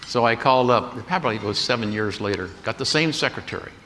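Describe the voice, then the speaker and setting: Older man with a bright voice telling stories in a hall. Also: medium pitch, animated, quick pace. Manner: folksy anecdotal storytelling with quoted dialogue. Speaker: keynote speaker. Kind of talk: storytelling keynote. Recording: echoey hall with faint noise.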